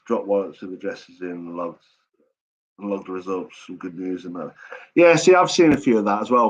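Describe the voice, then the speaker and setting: A man hosting a live chat stream, talking casually in a blunt, sweary and rambling way. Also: fairly low pitch. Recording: dull lo-fi stream audio.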